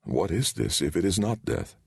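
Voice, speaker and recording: A man's voice: sits low, sing-song, normal speed, creaky, slightly rough, no echo, studio quality, full character voice. A man voicing a weary male king who speaks in a formal, stately way. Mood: dazed, bewildered.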